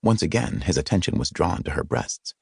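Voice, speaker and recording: Deep, gravelly male audiobook narrator. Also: a little fast, no room sound, studio quality. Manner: expressive, wry storytelling. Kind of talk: scripted narration. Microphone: close studio mic.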